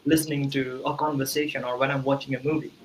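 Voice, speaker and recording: A man's voice: medium pitch, little pitch movement, fast talker, a little hiss or hum, low-quality recording. A man from India, a guest in an interview, explaining earnestly with examples and fillers. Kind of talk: casual interview talk.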